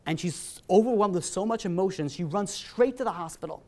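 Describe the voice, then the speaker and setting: A man giving a sermon as a rabbi, telling a story in a lively way with many fillers. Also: high-pitched, a little fast. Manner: animated, acts out dialogue, many fillers.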